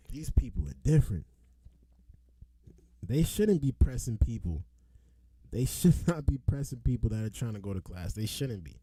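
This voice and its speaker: A man talks through news clips in casual vlog commentary, his voice rising and falling a great deal as he exclaims and repeats himself. His tone is dark and mellow. The sound is dry and close, with no room echo. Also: lowish voice. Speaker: vlogger reacting to news clips.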